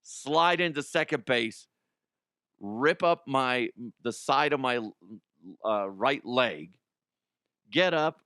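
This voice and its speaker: A man's voice: medium pitch, lively intonation, slow, long pauses, pushed and bright, smooth, no room sound, studio quality. A middle-aged man hosting a comedy sports news show, telling a self-deprecating story in a loose, casual way, laughing often and swearing freely. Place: studio.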